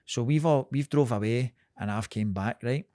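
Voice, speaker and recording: This Scottish podcast co-host, a man in his thirties, has a mid-range voice and a moderate pace. He tells a story in relaxed, sweary banter, laughing along, and the studio sound is clean with no echo.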